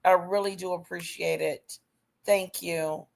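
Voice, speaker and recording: A woman's voice: on the low side, fairly even intonation, measured pace, gravelly. Chatty woman hosting a livestream. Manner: chatty, greets viewers by name. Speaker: livestream host. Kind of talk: casual livestream chat.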